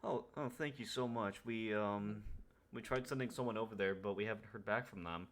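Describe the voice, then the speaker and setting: A man voicing a flustered female communications operator in a tabletop game, talking in a hurried, rambling way. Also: lowish voice, lightly acted. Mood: grateful.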